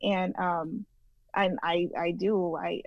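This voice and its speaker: A woman's voice: on the low side, steady tone, slow, gravelly, no room sound. A woman from Arizona, a guest actress, chatting casually, giggly and hesitant, often stammering. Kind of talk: casual interview chat. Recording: muffled phone line.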